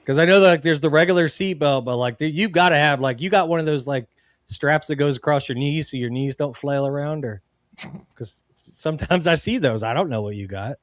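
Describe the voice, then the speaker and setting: A man's voice: a little high, brisk, dry recording. A man co-hosting a podcast, teasing the host in mock-indignant casual chat and laughing often.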